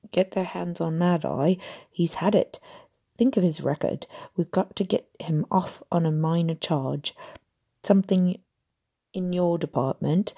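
Storybook reading: woman doing a gruff, hurried wizard official, low and gravelly. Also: dark tone, full character voice. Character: gruff harried middle-aged wizard official, a talking head.

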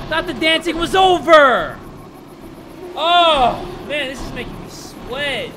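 A man's voice: extremely high pitch, expressive, a little slow, heavy background noise. A man giving jumpy, joking commentary while playing a horror game, swearing and yelping at the scares and talking to his viewers. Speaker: gaming YouTuber.

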